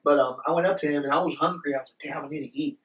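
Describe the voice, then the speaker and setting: A man's voice: fairly high pitch, racing, far from the mic. A young man hosting a podcast, telling a rowdy story in a casual, profane way and acting out the people in it. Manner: animated, profane, quotes people in his story. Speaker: podcast host. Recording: echoey room, voice off-mic.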